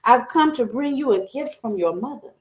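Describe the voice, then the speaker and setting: A woman voicing a calm male messenger spirit who speaks politely and formally in a told folktale. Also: fairly high pitch, normal speed, natural voice, poor audio. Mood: courteous.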